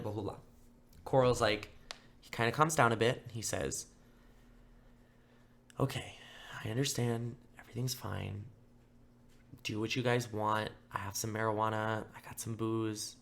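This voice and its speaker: A young man hosting a true-crime podcast, telling the story casually with lots of fillers and flat acted-out quotes. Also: lowish voice, moderate pace, vocal fry, long pauses, slight background noise. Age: young adult. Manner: casual, filler-heavy, acts out quotes in flat mock voices. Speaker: podcast host.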